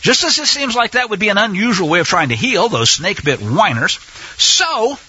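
Guy teaching scripture, really bright voice, swoops up and down a lot, kinda dull lo-fi sound. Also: high-pitched, wildly swooping pitch, brisk, breathy edge, no room sound. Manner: emphatic, repeats phrases for emphasis, speaks directly to the audience. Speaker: Bible teacher.

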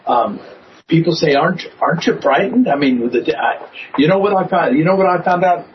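A man joining a casual faith discussion as a guest, halting and restarting often, rising in pitch when earnest. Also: muffled recording, slight background noise.

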